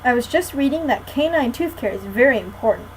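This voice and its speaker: A cautious, bookish young boy from a children's storybook, sensible and matter-of-fact, voiced by a teen girl reading to a class. The voice sits fairly high. A faint hiss sits under it. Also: animated, brisk, rough recording.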